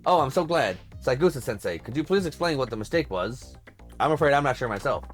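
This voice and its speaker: A man's voice: medium pitch, expressive, fairly quick, faint music behind, natural voice. A man reading aloud the lines of a polite young woman student from a video game.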